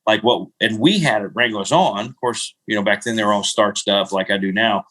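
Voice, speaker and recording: A man's voice: fairly low pitch, normal speed, fairly bright tone. A middle-aged man co-hosting a podcast, rambling through self-mocking travel stories with frequent laughs. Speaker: podcast co-host. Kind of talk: casual storytelling chat.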